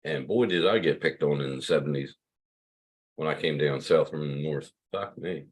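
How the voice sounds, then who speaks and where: Deep husky older guy from pennsylvania, rambling livestream chat, swears a lot. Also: normal speed. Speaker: livestream host.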